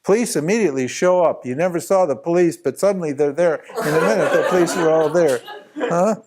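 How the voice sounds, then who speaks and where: A man's voice: fairly high pitch, brisk, heavy background noise. A man teaching at a spiritual retreat, telling a long anecdote with lots of restarts and chuckles. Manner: rambling, animated anecdote with many restarts and laughs. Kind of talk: storytelling talk at a retreat.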